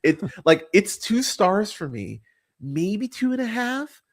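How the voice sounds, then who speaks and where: Here a man hosts a podcast in a high, sing-song voice. The conversation is casual and meandering, peppered with swearing, and he halts often with fillers and restarts.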